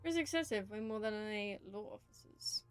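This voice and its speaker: A woman's voice: medium pitch, lively intonation, normal speed, clean tone. A woman streaming a video game, reading its text aloud with casual, playful reactions.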